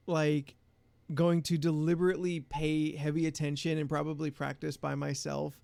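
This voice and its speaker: A man's voice: on the high side, flat delivery, moderate pace, creaky, warm tone, no room sound. A man co-hosting a podcast, chatting casually with lots of fillers and rambling asides. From New Jersey. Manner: rambling, filler-heavy, laughs at own jokes. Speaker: podcast co-host. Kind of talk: casual chat.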